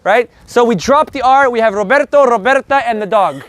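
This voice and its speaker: Super high voiced guy teaching a group lesson, loud jokes and cussing, lots of energy. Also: a little fast, dry recording. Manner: energetic, joking, profane. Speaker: Spanish teacher. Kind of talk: live group language lesson.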